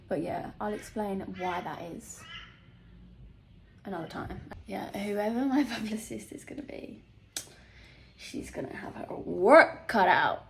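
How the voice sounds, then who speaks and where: A woman's voice: mid-range voice, slow pace, gravelly, long pauses, a bit bright, slight background noise. Emotional, confessional woman vlogging. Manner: emotional and confessional, with many fillers and laughs. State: tearful at times. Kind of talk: candid personal vlog to camera.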